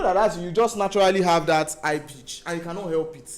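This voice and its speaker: A man giving a lively talk on stage. He acts out phone calls with sudden loud outbursts and keeps asking his listeners if they understand. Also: high-pitched, quick pace, a crowd in the background. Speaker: speaker.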